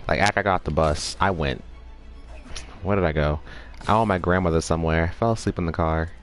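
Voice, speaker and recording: A man streaming a game, chatting casually in an excitable, slangy way with some swearing. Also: sits low, quick pace, faint music behind. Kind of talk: casual gaming stream chat.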